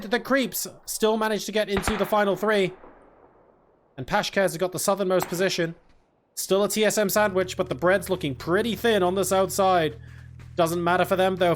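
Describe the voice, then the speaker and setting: A male esports caster with a high, bright-edged voice calls the match live, talking fast and leaping up in excitement on big plays. He speaks close into a headset mic. Game gunfire and clicks sound clearly behind him. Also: background noise. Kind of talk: live play-by-play commentary.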